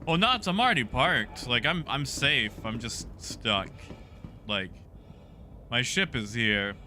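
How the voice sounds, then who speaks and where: A man's voice: medium pitch, expressive, takes it slowly, pushed and bright, a little hiss or hum. A man streaming a game and chatting casually with live viewers, joking and riffing on their messages from his home setup.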